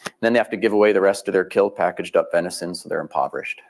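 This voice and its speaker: A man's voice: low-pitched, racing, vocal fry. A middle-aged man giving a talk as guest speaker, telling stories in a folksy way and acting out the people he quotes. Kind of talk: storytelling lecture. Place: live event venue.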